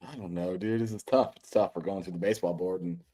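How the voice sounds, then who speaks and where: A man's voice: low voice, fairly even intonation, fast, mellow. A man co-hosting a casual sports betting podcast over a video call, sarcastic and swearing as he ribs his partner. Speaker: podcast co-host.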